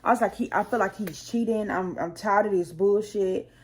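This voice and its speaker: A woman's voice: mid-range voice, moderate pace, breathy edge. A woman hosting her own channel, telling a rambling storytime full of profanity and acting out her heated arguments. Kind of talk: casual storytime monologue.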